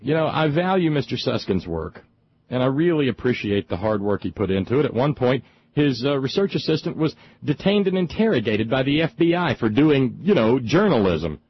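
A middle-aged man hosting a talk show, delivering an indignant, sarcastic political monologue with frequent halting repeats. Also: mid-range voice, big pitch swings, lo-fi sound, a little hiss or hum. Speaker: talk radio host.

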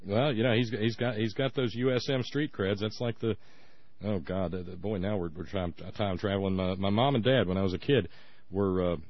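Man, radio co-host, folksy anecdotes, lowish voice, dull lo-fi sound. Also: fairly quick, dry recording. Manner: folksy anecdotes, repeats words while thinking. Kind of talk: casual radio chat.

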